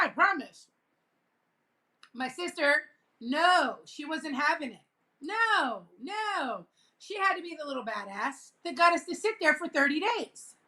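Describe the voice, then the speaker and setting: Woman vlogger, high clear bright voice, casual animated storytelling. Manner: laughing, animated retelling with quoted voices.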